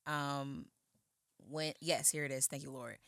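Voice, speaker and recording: Energetic female co-host with a deep voice and a forceful tone, encouraging. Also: unhurried, no room sound, studio quality. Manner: energetic, encouraging, reflective when teaching. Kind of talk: faith talk and scripture teaching.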